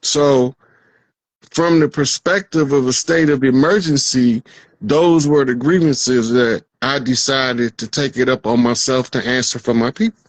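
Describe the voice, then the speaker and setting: Slow, proclaiming man, dry sound. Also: mid-range voice, steady tone, no room sound, rough recording. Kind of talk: casual spiritual chat.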